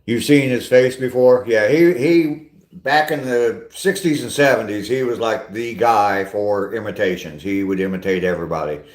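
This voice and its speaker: An older man rambles chattily through a casual walking live stream, poking fun at himself as he answers viewers. His voice is on the low side, and it carries an echoey, roomy ring. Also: moderate pace. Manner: rambling, chatty, self-deprecating. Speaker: vlogger reading live chat.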